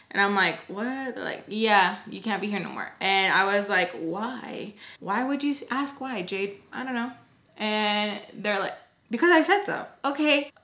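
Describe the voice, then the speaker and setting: A woman's voice: medium pitch, roomy sound. A young woman telling a dramatic storytime, acting out scared quotes and talking with many fillers. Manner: animated, acts out scared quotes, many likes. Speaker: storytime vlogger. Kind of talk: storytime vlog while doing makeup.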